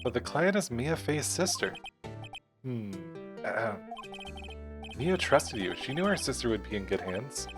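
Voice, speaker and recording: A man's voice: medium pitch, sing-song, a little slow, pauses often, pitched above the performer's own voice. A man voicing an earnest young male defense lawyer in his own plain voice, over game music.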